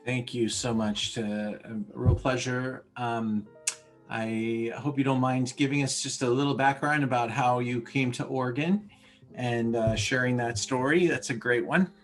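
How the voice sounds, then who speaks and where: A man's voice: medium pitch, steady tone, measured pace, soft background music. Casual man hosting an online wine tasting. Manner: casual, with frequent ums and uhs. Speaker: host. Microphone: video call.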